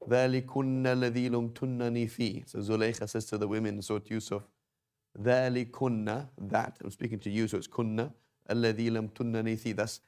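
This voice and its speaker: Low-voiced man teaching a lesson. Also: darkish tone. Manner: explains patiently, repeats and checks with "right?" and "okay?". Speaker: Arabic teacher. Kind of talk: classroom lesson on verb conjugation.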